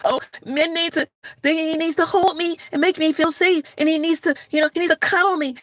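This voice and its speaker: Woman putting on a high, whiny, needy young woman voice, mocking sing-song, close dry sound. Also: steady tone, fairly quick, a bit bright, no room sound. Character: clingy, demanding young woman who wants coddling.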